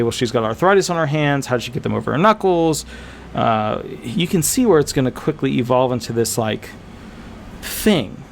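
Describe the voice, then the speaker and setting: A man speaking as a disability attorney, giving casual, animated advice to viewers, emphatic and repetitive with frequent fillers. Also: mid-range voice, slight background noise. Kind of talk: casual advice talk to camera.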